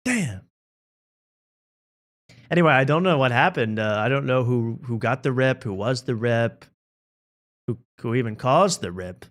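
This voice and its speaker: A man's voice: mid-range voice, normal speed, a bit bright. A man hosting a talk show, riffing in a rambling, joking way. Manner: rambling, riffing, laughs at own bits. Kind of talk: casual comedic chat.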